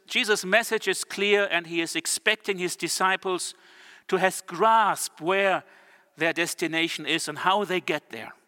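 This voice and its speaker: A man preaching a sermon, earnest and measured, slowing his words down for emphasis. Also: sits high, pushed and bright. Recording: long church reverb.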